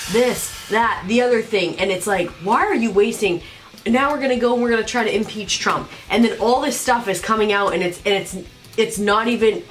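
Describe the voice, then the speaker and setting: Rambling woman co-host, lots of fillers. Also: medium pitch. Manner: rambling, hesitant, frequent fillers. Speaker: political talk show co-host. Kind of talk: casual political chat.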